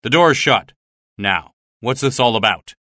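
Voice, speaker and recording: A man voicing a bold, steady American stranger who gives firm commands. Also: medium pitch, measured pace, no room sound, clean studio sound. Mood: firm reassurance.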